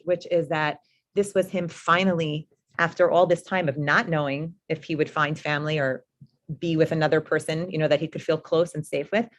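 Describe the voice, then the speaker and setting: Woman teaching a casual Torah class. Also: fairly low pitch. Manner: conversational, many "um" and "like" asides.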